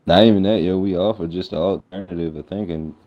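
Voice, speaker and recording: A man co-hosting a podcast in casual chat, telling stories in an animated, slangy, emphatic way. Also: low-pitched, fast, muffled recording, heavy background noise. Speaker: podcast co-host.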